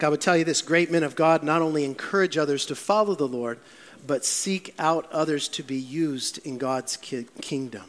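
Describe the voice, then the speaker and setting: A male pastor preaches in a church, his voice sitting high for a man. He tells stories with animated, acted-out quotes, and a long reverb trails off every phrase. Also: normal speed. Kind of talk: sermon.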